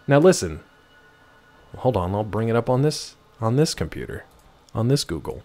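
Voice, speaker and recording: A male livestream host chatting casually from home, playful and animated, jumping between high and low pitch. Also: moderate pace, creaky, long pauses. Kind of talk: casual chat while gaming.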